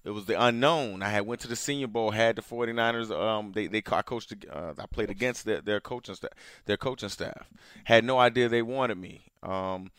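Man, smooth resonant low voice, excitable, casual podcast co-host, dry close sound. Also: moderate pace, no room sound. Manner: excitable, laughs loudly, gets louder and higher when worked up. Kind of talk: casual chat.

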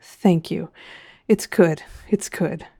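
A woman's voice: lowish voice, steady tone, takes it slowly, creaky, mellow, breathy edge, dry recording, clean studio sound, exaggerated voice. A woman voicing a weary male spaceship captain who stammers out puzzled questions in a storybook reading. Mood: relieved.

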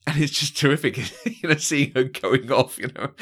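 With a mid-range, fairly bright voice at normal speed, this podcast co-host barely pauses while casually discussing a film. Still, he's hesitant, uses many fillers, and laughs a lot.

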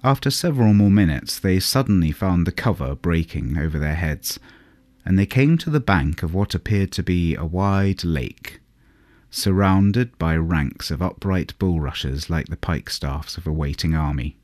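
A man narrating a fairy tale in a calm, measured storybook reading. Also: deep voice, dry recording. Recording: soft music underneath.

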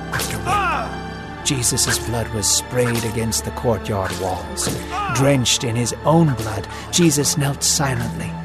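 A man narrating a dramatized scripture story in a solemn, intense manner, building emphasis. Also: mid-range voice. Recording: music bed behind voice.

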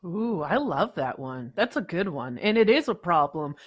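A woman's voice: big pitch swings, normal speed, breathy edge. A woman in her thirties ranting in casual chat, telling annoyed stories and mimicking people. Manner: exasperated storytelling, mimics people in higher voice. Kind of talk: casual sports talk chat.

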